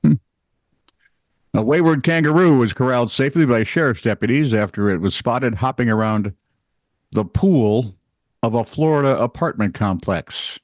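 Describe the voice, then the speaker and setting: A man's voice: mid-range voice, lively intonation, moderate pace, no room sound. A man co-hosting a comedy news podcast, reading offbeat stories and cracking wry jokes. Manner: wry, jokey, reads news stories aloud. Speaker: co-host. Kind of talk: casual news banter.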